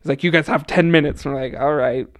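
A man's voice: on the high side, steady tone, fast, no echo, studio quality. A young man casually telling a story as a podcast guest, chatty with lots of fillers and frequent laughs. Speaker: podcast guest, returned missionary.

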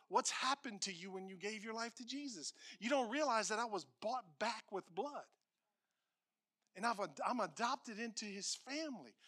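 A man preaching as a pastor, emphatic and repetitive, swinging between loud declarations and hushed lines. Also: sits high. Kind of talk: sermon.

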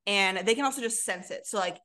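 A woman's voice: medium pitch, quick pace, sharp tone. A young adult woman co-hosting a podcast in casual chat, earnest and full of "like" fillers. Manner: earnest, filler-heavy, lots of "like". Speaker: podcast co-host.

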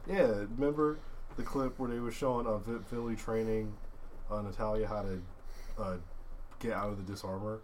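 A blunt podcast co-host, a man who swears casually and says what he thinks. His voice sits on the low side. Faint noise lies under the recording. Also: steady tone, moderate pace, a little mellow, low-quality recording. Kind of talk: casual chat.

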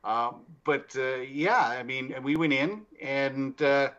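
A man's voice: medium pitch, takes it slowly, lo-fi sound. A middle-aged man, a paranormal investigator, telling stories in casual chat and acting out the people in them. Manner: animated anecdotes with acted quotes, laughs often. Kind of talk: casual storytelling.

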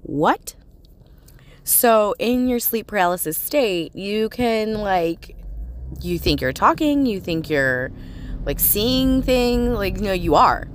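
A woman's voice: medium pitch, expressive, slow, a little hiss or hum. A woman talking casually and directly to her listeners, chatty, full of "like" and "okay?" check-ins.

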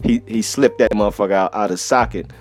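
A man's voice: fairly low pitch, a little fast. A man hosting a solo podcast, telling a travel story in a profane, laughing, casual way. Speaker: podcast host.

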